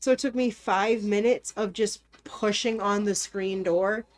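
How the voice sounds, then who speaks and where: A woman's voice: medium pitch, steady tone, measured pace. A young woman co-hosting a casual chat, rambling and swearing freely as she acts out quotes. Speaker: co-host.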